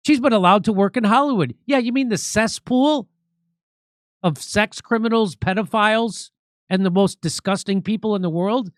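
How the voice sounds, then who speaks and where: A man hosting a political commentary show, talking in a sarcastic, mocking, animated way. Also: high voice, normal speed, no room sound, studio quality. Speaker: show host.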